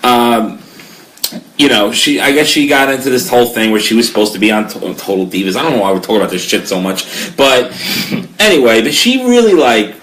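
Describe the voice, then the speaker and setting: A man's voice: medium pitch, sing-song, brisk, a bit bright. A man co-hosting a casual podcast, rambling and hesitant, with frequent fillers and swearing. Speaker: podcast co-host. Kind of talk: casual wrestling podcast chat.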